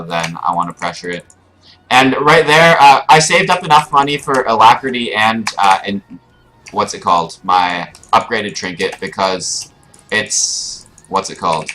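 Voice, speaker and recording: Young man with a bright voice. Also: on the low side, slight background noise, low-quality recording. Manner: casual, explanatory, frequent fillers. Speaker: gaming streamer. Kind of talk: live gameplay commentary. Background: keyboard clicks and typing.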